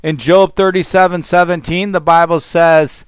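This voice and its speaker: A man's voice: a little high, fairly even intonation, normal speed, smooth, no room sound. Fervent man preaching a rambling sermon. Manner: fervent, rambling, call-and-response exclamations. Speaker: pastor.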